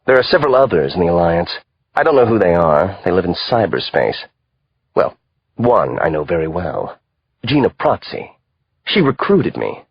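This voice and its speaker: A male audiobook narrator voicing a cold, calculating contract killer who speaks in a calm, hard way. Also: sits low, moderate pace, husky, dry recording, muffled recording, voice pushed down, exaggerated voice. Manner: calm, hard, matter-of-fact.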